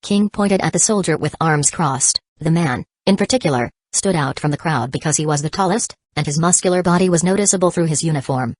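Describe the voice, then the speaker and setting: Narrator, female, low register, dry close sound, steady audiobook read. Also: a little fast, hardly any pauses, no room sound. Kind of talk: scripted narration.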